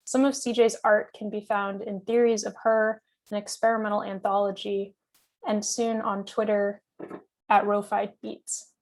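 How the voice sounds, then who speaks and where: A woman's voice: mid-range voice, little pitch movement, unhurried. A woman hosting a reading event, introducing writers in a chatty way with many filler ums. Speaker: event host introducing readers.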